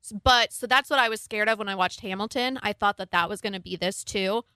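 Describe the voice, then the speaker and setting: A woman's voice: mid-range voice, fairly quick, pushed and bright, clean tone, no echo. A woman chatting casually as a podcast guest, talking in an emphatic, enthusiastic way. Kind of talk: casual chat.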